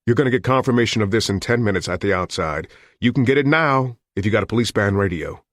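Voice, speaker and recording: A man's voice: on the low side, animated, fast talker, no echo, studio quality, lightly acted. A man doing a wounded, snarling fugitive. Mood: threatening. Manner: hard, threatening and terse. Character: wounded desperate male fugitive on the run.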